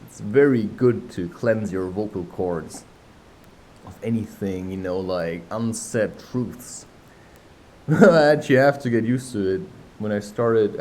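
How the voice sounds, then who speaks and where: This man's lowish, slightly mellow voice comes through a low-quality recording with a bit of hiss or hum. Reading a classic children's novel as an audiobook, he takes his time and drifts into chatty, self-mocking remarks along the way.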